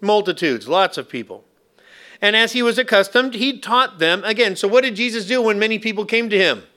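A pastor with a high, bright voice delivers a sermon in a church. He leans on slow, weighty phrasing and drops in playful asides to the congregation. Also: lively intonation.

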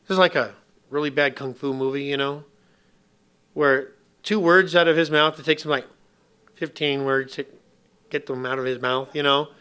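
A man preaching a sermon in an animated, conversational way, full of rhetorical questions and humor. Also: mid-range voice, normal speed, long pauses, clean tone. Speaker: pastor.

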